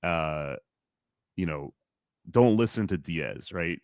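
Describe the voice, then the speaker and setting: A man hosting a podcast, telling a history story in a loose, profane, animated way and acting out shouted lines. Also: sits low, takes it slowly, no room sound, studio quality. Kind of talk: casual storytelling chat.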